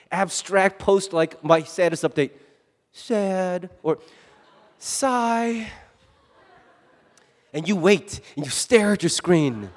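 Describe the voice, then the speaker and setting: A man preaching a sermon to his congregation, lively and animated, acting out voices as he goes. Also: sits high, long reverb tail. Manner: animated, acts out quoted voices. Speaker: pastor.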